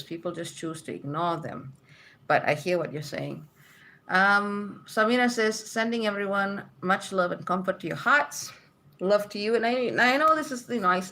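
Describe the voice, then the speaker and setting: A woman's voice: medium pitch, a bit bright. A woman hosting a casual livestream from home, reading viewer comments aloud and chatting back with frequent laughs.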